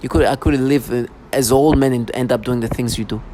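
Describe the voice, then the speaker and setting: A man's voice: medium pitch, fairly even intonation, a little fast, dark tone, rough recording. A man speaking in an emotional, repetitive rant, recorded outdoors on a city street. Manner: emotional, repetitive, mocks others in put-on voices. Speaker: vlogger. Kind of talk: agitated personal rant. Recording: faint street noise, vehicles.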